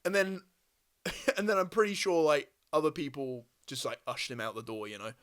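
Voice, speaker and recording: A young man with a fairly high voice tells a story on a podcast. He talks in a loose, animated way, swears freely, and acts out the other people in the story. The tone stays casual. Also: brisk. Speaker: podcast host. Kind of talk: casual chat.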